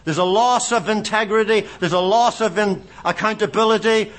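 A man's voice: high voice, moderate pace, fairly bright tone. A man from Canada preaching a sermon, impassioned, asking rhetorical questions and repeating phrases for emphasis.

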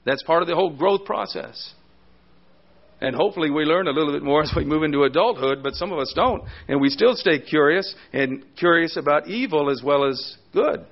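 A man's voice: fairly high pitch, animated, brisk, highs cut off. An older man pastor preaching a sermon, often asking rhetorical questions of his listeners.

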